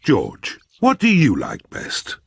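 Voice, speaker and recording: A man's voice: lowish voice, wildly swooping pitch, slow, gravelly, breathy edge, no echo, heavily acted. An actor voicing a jolly, confident father pig in a cartoon, with a hearty, cheerful manner. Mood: reassuring.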